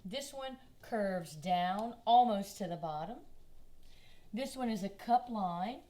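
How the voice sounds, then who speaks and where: A woman's voice: mid-range voice, expressive, warm tone. A woman with a Southern US accent, leading a kindergarten drawing lesson as an art teacher, patient and encouraging. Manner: patient, encouraging, speaks slowly to small children.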